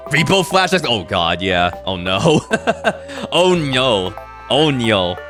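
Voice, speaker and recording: A man streaming a video game, giving animated, swear-heavy commentary with frequent reactions. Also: medium pitch, slow, over music. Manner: animated, swears and laughs often. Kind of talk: casual let's-play commentary.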